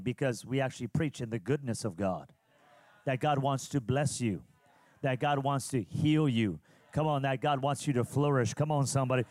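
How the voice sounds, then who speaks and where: A pastor from California preaching a sermon, animated, teasing the congregation and calling on them for responses. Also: male voice, medium pitch, no echo. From California, USA. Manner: animated preacher who teases and calls on the congregation.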